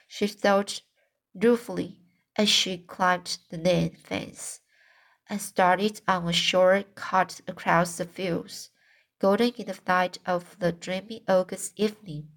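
A woman's voice: on the low side, fairly even intonation, slow. A woman reading a novel aloud in an unpolished way, with slips and self-corrections. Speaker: audiobook reader.

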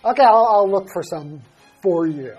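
A woman's voice: mid-range voice, lively intonation, normal speed, a little mellow, husky, soft background music. A woman co-hosting an English lesson show, chatting in a joking, self-mocking way. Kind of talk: casual chat.

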